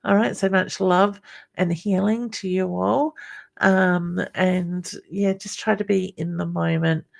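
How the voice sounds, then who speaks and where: Gravelly woman giving soothing guidance. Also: lowish voice, steady tone, slow pace. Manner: soothing, calls viewers honey. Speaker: psychic medium host. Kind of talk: live-stream reading and chat.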